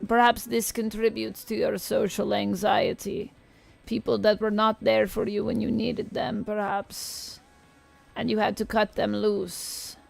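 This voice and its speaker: A woman voicing a crackly old Eastern European witch, reading tarot slowly and solemnly. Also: mid-range voice, level tone, a little mellow. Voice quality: crackly, gravelly. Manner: slow, solemn fortune-telling.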